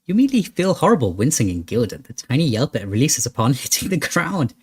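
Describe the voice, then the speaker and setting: A man's voice: mid-range voice, big pitch swings, quick pace, husky. Playful man reading a horror game aloud. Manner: playful, reads narration dramatically with laughs and asides. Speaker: gaming channel host. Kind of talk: let's play commentary reading game text aloud.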